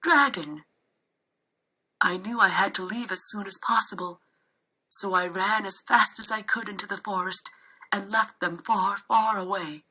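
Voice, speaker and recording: A woman narrating a children's novel aloud in a steady storytelling way. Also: mid-range voice, normal speed, husky, low-quality recording. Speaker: reader.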